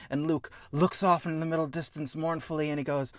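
A man co-hosting a podcast, talking in a lively, profane way and sliding into silly character voices. His voice sits a little high for a man. The sound is dry and close on the mic. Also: moderate pace, hardly any pauses, dry recording. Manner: animated, profane, slips into goofy character bits. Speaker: podcast co-host. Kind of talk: casual chat.

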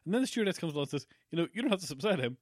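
A man, bantering quickly and teasing his co-host in casual podcast chat. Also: a little high, sing-song, no room sound, clean studio sound.

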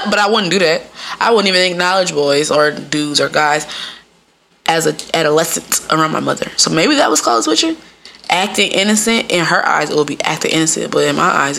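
A young adult woman hosting a podcast alone, talking in a casual, animated and profane way and laughing often. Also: fairly low pitch, vocal fry, slight background noise. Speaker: podcast host. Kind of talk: casual solo podcast monologue.

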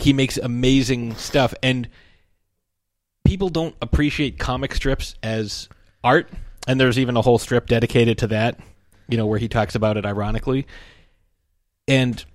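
A man talks in a relaxed, chatty way about comic strips, now and then jumping into the characters' lines. His voice sits at an ordinary pitch. The recording is close and dry, with almost no room sound. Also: no room sound. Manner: animated storytelling, acts out the characters' lines.

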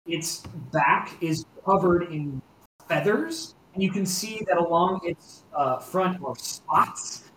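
A man runs a tabletop game, narrating in a rambling way full of restarts and fillers. His voice sits high. The recording carries a roomy echo. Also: slow pace, fairly bright tone, slight background noise. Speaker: game master.

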